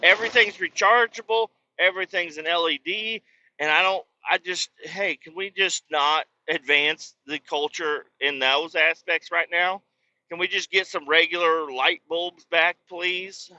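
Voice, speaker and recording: A man with a very bright, forceful voice hosts a casual podcast from a car on a bumpy road. He rambles and jokes, breaking into loud rants, and the sound is a bit dull and lo-fi. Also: fairly high pitch, fairly even intonation, measured pace. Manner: rambling, joking, rants with bursts of shouting. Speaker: podcast host. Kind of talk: casual solo podcast talk. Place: moving vehicle on a bumpy road.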